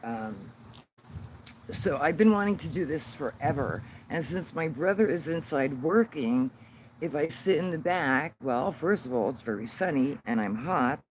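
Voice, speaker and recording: A man who hosts a channel on sobriety livestreams casually from a sunny yard on a handheld phone, rambling and pausing often while he fumbles with the settings. His slightly high voice is slow and expressive. Road noise from passing cars and an outdoor hum come through clearly on the rough recording.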